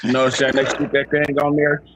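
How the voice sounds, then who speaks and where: A man's voice: medium pitch, flat delivery, quick pace, fairly bright tone, poor audio. A man in a casual panel chat, rambling and repeating fillers as he searches for words.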